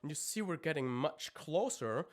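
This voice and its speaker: A man speaking at normal speed, his voice on the high side with lively intonation, coaches singing technique over a live stream. He breaks off to demonstrate screams, and his talk is full of ums and restarts.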